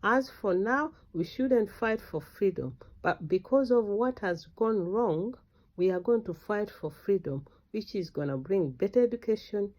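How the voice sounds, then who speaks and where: A middle-aged woman from Uganda speaks as an activist in a fervent political address. She exhorts her listeners, her voice jumping up into sudden loud, insistent outbursts. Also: mid-range voice, expressive, measured pace. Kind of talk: impassioned political speech.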